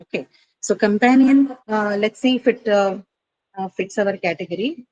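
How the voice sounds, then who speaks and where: A woman's voice: mid-range voice, moderate pace, darkish tone, highs cut off, a little hiss or hum. A woman teacher walks a class through word stress. She speaks in a patient, explanatory way and scatters fillers as she thinks aloud. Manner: patient, explanatory, many fillers like uh and you know.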